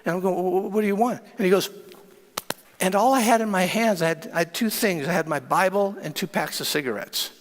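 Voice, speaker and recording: A man preaching and telling a personal testimony in a dramatic, animated way, often stammering and repeating words. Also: high-pitched, a little fast. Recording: long hall reverb.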